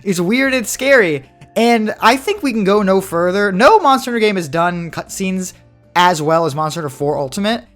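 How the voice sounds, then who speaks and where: High-voiced animated young man. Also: faint music behind. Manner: animated, swings into quick voiced impressions. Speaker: podcast co-host. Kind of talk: casual chat.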